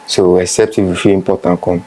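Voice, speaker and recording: An actor with a Nigerian Pidgin accent playing a calm, plain-spoken TV repairman. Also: low-pitched, fairly quick, rough recording. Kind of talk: film drama acting.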